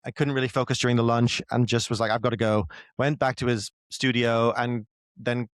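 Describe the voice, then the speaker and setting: A man's voice: mid-range voice, level tone, fairly quick, smooth, no echo. A man, a writer, talking as a guest in a casual conversation, explaining ideas loosely with lots of fillers.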